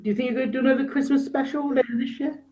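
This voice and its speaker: A woman's voice: sits high, fairly even intonation, racing, mellow, highs cut off. A woman in a casual chat, asking amused, teasing questions.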